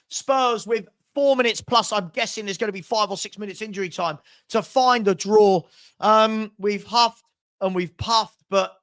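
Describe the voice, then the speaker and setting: A man's voice: sits high, a bit bright. A young man hosting a live football watchalong, ranting heatedly and hurling insults.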